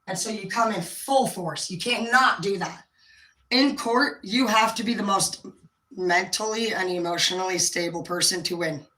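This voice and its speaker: A woman hosting a livestream, ranting to her viewers, swearing constantly and rambling, sometimes dropping to a low quiet tone. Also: normal speed, echoey room, low-quality recording. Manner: profane, heated, swearing constantly. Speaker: livestream host talking to viewers. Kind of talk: unscripted livestream rant.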